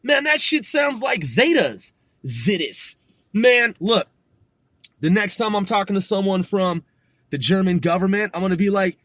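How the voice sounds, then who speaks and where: A man hosting a casual solo podcast, talking in a profane, excitable, rambling way, laughing at himself and stumbling over foreign words. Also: high voice, unhurried, no room sound. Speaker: podcast host.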